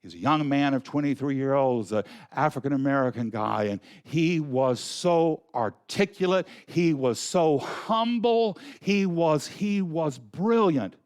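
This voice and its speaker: A man's voice: on the high side, expressive, darkish tone. Earnest Southern man giving a sermon. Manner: earnest, slows right down to stress key words. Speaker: guest speaker at a spiritual center. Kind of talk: Sunday sermon talk.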